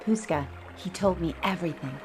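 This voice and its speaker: A woman's voice: fairly low pitch, fairly quick, a little mellow, close to an everyday voice. An actress playing a determined young woman in a video game, firm and defiant. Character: determined young woman searching for her father. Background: game music.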